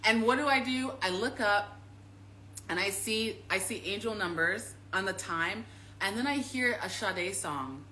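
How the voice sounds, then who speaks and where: A woman with a bright, forceful voice sitting a little high for her, talking casually to followers. She hammers points home with repetition and curses, then drops into a hushed, confiding tone. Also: lively intonation, a little slow. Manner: emphatic and repetitive, swears freely; swings from loud to hushed confiding. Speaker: spiritual teacher. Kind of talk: casual live-stream talk.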